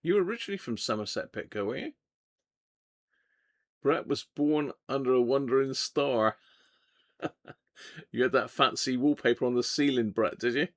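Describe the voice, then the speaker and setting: Chatty man, gravelly voice. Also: medium pitch, normal speed, long pauses, fairly bright tone. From Devon, England. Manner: chatty, jokey, reads out viewer comments. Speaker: livestream host. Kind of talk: casual live chat. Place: home radio workshop.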